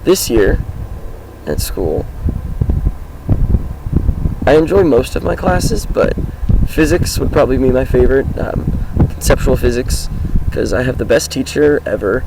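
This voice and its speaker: A Washington State teen sits on his car outdoors and talks casually about his life for a self-introduction vlog, upbeat and rambling with lots of fillers. His groggy, hoarse voice is mid-range and expressive, and he takes his time. Background noise can be heard.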